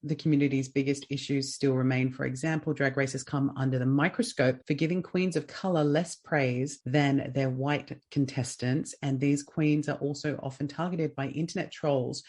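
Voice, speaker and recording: A man with a mid-pitched voice hosting a podcast, chatty and playful with a theatrical streak. He moves easily between loose banter and reading prepared notes in a steadier tone. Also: steady tone, normal speed, hardly any pauses, a little mellow. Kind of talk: casual chat and read-out segment.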